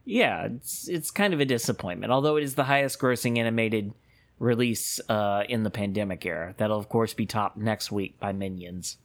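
A man's voice: on the low side, normal speed. A man co-hosting a casual movie podcast, opening in a playful mock newscaster delivery before chatting normally. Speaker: podcast co-host.

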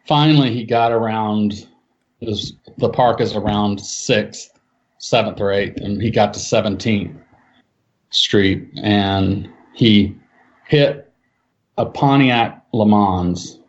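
Recorded with dull, lo-fi sound, a man animatedly recounts something he witnessed in casual speech. When he quotes what people said, his pitch jumps up as he acts out their lines.

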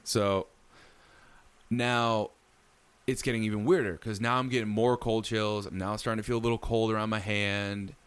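A man telling a story in casual chat, animated and acting out the lines he quotes. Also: fairly low pitch, moderate pace, clean tone. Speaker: storyteller recounting a ghost encounter.

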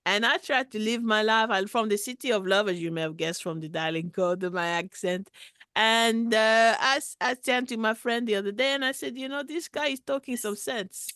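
Woman putting on a flirty male Parisian rat on a call, put-on French accent, hammy, bright and dry. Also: fairly high pitch, normal speed, smooth, no echo, close to an everyday voice. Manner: hammy, loud and showy. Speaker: podcast caller.

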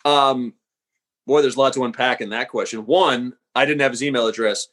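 Self-deprecating screenwriter, mid-pitched. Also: male voice, steady tone, normal speed, fairly bright tone. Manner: reflective, self-deprecating, hesitant fillers. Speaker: screenwriter, guest. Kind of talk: casual interview chat.

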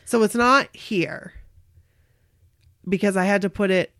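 A woman's voice: mid-range voice, measured pace, fairly bright tone, no echo, clean studio sound. A woman podcast co-host chatting casually and gushing with enthusiasm. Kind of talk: casual chat.

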